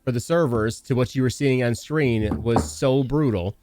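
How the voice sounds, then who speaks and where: A man hosting a casual podcast chat, telling stories fast and animatedly with frequent swearing. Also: medium pitch, a little mellow, no echo, faint music behind. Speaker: podcast host and streamer.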